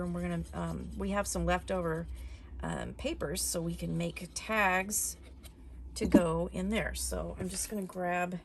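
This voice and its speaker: A woman hosting a casual step-by-step craft tutorial at her desk, talking in a chatty, relaxed way with frequent ums and small restarts. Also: fairly low pitch, vocal fry, slight background noise.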